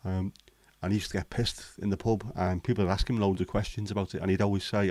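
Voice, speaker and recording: Deep, blunt man. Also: little pitch movement, quick pace, darkish tone, no echo. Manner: blunt, sweary, cynical banter. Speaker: livestream host. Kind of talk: casual chat.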